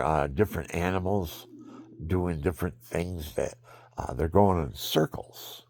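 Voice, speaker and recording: Gravelly low older man rambling. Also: measured pace, darkish tone, no echo, studio quality. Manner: digressive, drifting between topics; stretching while talking, breathy hiccups. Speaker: vlogger. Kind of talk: rambling casual monologue.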